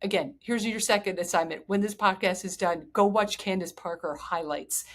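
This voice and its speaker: A woman's voice: medium pitch, moderate pace, few pauses. Enthusiastic woman hosting a sports podcast. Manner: enthusiastic, digressive, emotional. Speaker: podcast host. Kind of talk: solo sports podcast talk.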